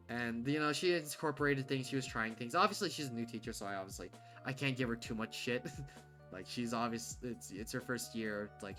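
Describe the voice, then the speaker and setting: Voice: medium pitch, fairly bright tone. A livestreamer chatting casually and bluntly, rambling with many fillers and restarts. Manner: rambling, full of "like" and "um", frequent restarts; candid, blunt, swears casually.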